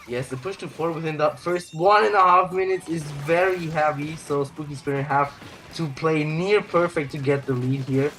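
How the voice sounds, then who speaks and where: Male esports co-caster, slightly high voice. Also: moderate pace, fairly bright tone, a little hiss or hum, poor audio. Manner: analytical, explains players and strategy. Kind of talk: esports color commentary.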